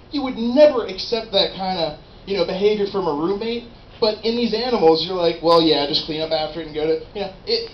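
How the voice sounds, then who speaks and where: A young man doing a stand-up routine in a rambling, animated, profane way at a small live venue. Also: sits high. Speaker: stand-up comedian. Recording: roomy, dull, noisy live room.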